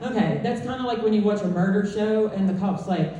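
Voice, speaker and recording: Deadpan woman comic in an echoey club. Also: medium pitch, brisk, slight background noise. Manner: conversational storytelling, deadpan punchlines. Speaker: stand-up comedian. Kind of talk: stand-up comedy set. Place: comedy club stage. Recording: echoey club heard from far off. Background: audience laughter.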